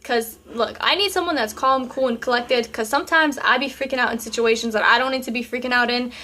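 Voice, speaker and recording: A sassy young woman talks straight to her viewers and works through their questions one by one. Her voice sits a little high, and she speaks in loose, chatty bursts padded with "um" and "like". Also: fast talker, sharp tone. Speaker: vlogger answering viewer questions. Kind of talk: casual chat.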